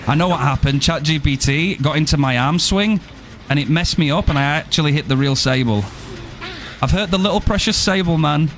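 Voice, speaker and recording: A man's voice: a little high, fairly quick, fairly bright tone, slight background noise. A young man streaming a game, joking around and swearing casually as he plays. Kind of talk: live gameplay commentary.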